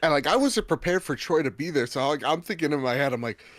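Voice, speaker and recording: A man's voice: a little high, animated, fast, dry recording, studio quality. A man hosting a gaming podcast, telling stories in a chatty, laughing way with lots of fillers. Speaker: podcast host. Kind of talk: casual chat.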